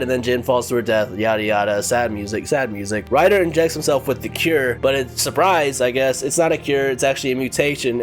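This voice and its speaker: A man giving a casual, sarcastic recap of a video game's story. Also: mid-range voice. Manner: sarcastic, offhand. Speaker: video game recap host. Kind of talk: casual game recap commentary.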